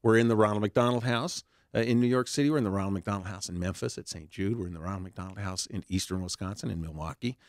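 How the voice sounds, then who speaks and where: Man, interview guest, low voice, dry close sound, storytelling with fillers and restarts. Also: quick pace, hardly any pauses, no echo. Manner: warm anecdotal telling with many fillers and restarts. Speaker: author and therapy dog charity founder.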